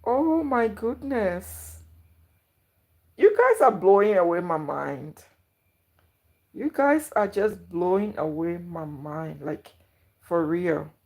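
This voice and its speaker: A woman's voice: on the low side, expressive, slow pace, vocal fry, pauses often, darkish tone. A woman livestreaming from her home kitchen, chatting casually and gushing thanks to her viewers. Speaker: YouTuber livestreaming.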